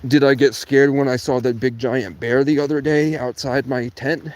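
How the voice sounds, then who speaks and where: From a tent out in cold rain, a man rambles on a casual livestream, chatting with viewers, swearing freely, and breaking into song or sudden shouts. His voice is medium-pitched with fairly even intonation at a normal speed.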